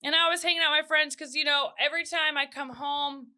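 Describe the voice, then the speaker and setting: A woman in her thirties co-hosting a casual podcast, telling a family story with animated voices. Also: sits high, fast talker. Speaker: podcast co-host. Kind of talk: casual chat.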